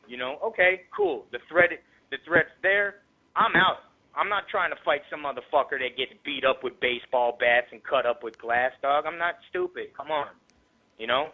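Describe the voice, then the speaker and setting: A man guesting on a radio show, telling a rambling story with lots of profanity in a casual, animated way. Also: on the high side, a little fast. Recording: tinny phone line.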